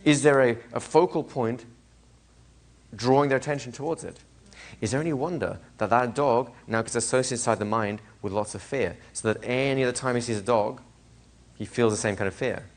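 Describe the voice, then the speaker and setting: A man lecturing a live class as a hypnosis trainer, animated, asking the room questions and acting out little scenes. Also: medium pitch, brisk.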